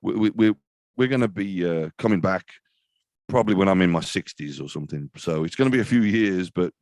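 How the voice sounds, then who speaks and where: A man's voice: sits low, fairly quick, a little mellow, no echo. A man in his fifties, a death metal vocalist chatting as an interview guest, rambling and self-deprecating with many restarts. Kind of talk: casual interview chat.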